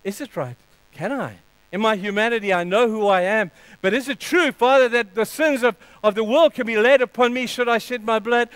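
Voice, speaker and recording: Man voicing troubled holy man, pleading, searching, smooth voice. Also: high-pitched, a little fast, a bit bright, no echo, voice pushed up. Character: troubled male holy man praying in doubt.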